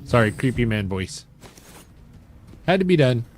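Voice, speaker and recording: Guy streaming a game, easygoing slow talker, jokey, chuckles a lot, mid pitch. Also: big pitch swings, slight background noise. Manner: chatty and joking, chuckles often. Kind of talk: casual gameplay commentary while reading chat.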